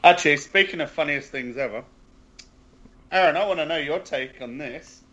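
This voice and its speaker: A man in a casual football chat, blunt and excitable, swearing a lot. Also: on the high side, moderate pace. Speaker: podcast co-host.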